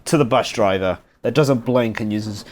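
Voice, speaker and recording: A man's voice: medium pitch, moderate pace. A man hosting a reaction video, joking and swearing with mumbled self-mocking asides. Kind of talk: casual reaction commentary.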